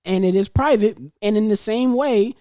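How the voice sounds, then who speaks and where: A man's voice: sits high, normal speed, mellow, dry recording, clean studio sound. A man hosting a casual podcast, bluntly joking and arguing his points firmly. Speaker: podcast host.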